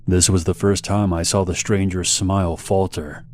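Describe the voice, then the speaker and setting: A man narrating a scripted horror story in a measured, steady storytelling manner. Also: low-pitched, faint music behind.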